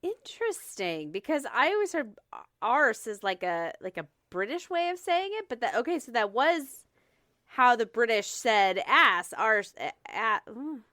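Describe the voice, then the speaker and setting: A woman's voice: a little high, sing-song, unhurried, pushed and bright, dry recording, studio quality. A woman co-hosting a podcast, talking casually and explaining a topic. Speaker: podcast co-host.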